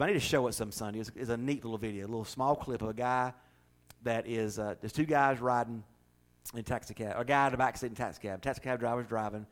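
A man preaching a sermon, telling homey stories with acted-out quotes and building to emphatic passages. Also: medium pitch. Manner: folksy storytelling, acts out quotes, builds to loud preaching. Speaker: pastor.

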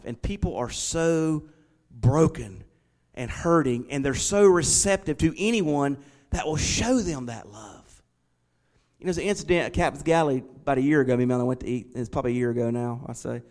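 A middle-aged man preaching a sermon, shifting from quiet, conversational storytelling to emphatic declarations. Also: mid-range voice. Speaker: pastor.

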